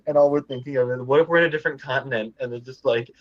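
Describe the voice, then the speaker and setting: A man's voice: medium pitch, steady tone, dry recording, lo-fi sound. A man playing a tabletop game, chatting casually and cracking jokes. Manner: joking, quick asides. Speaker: player. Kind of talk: casual chat.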